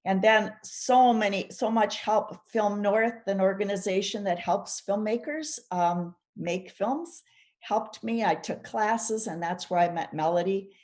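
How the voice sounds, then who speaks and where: A woman from Minnesota speaks on a panel as a documentary subject, reflectively recounting how her family history became a film. Her voice is medium-pitched and a little mellow, at a measured pace.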